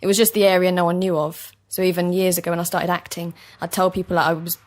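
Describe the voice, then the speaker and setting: East London actress guest, young, lowish voice, chatty and easygoing, laughs easily. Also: female voice, level tone. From East London, England. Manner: chatty, agreeable, quick to laugh. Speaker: actor guest. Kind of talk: casual interview chat. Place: basement recording studio.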